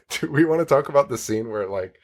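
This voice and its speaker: A man's voice: medium pitch, expressive, moderate pace. A man hosting a podcast, recapping a horror film in casual chat, rambling, swearing and laughing often. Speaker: podcast host.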